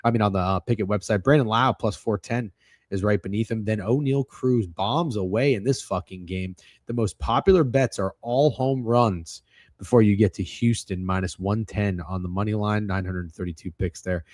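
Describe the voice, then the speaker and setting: Excitable, profane man hosting a betting stream. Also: lowish voice, normal speed, no room sound, clean studio sound. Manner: excitable, profane, rambling with many restarts. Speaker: sports betting show host. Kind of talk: casual sports betting livestream chat.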